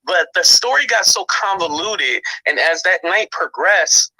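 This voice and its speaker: A man's voice: sits high, lively intonation, a little slow, bright, forceful tone, no echo, low-quality recording. A man hosting a livestream, candidly telling his side of a story and talking straight to his viewers in a casual, chatty way. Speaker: livestream host. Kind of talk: casual storytelling to live chat.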